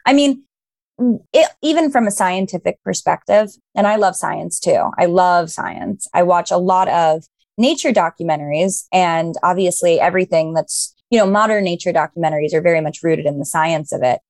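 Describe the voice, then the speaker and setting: A woman's voice: fairly low pitch, moderate pace, a little mellow, no room sound, clean studio sound. A young adult woman hosting a casual chat and reading tarot, enthusiastic. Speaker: podcast host and tarot reader.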